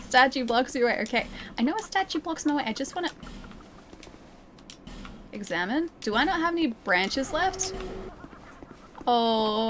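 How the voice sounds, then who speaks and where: Young Australian woman, let's play streamer, chatty and giggly, faint hum behind. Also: on the high side. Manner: chatty, giggly, talks to chat while playing.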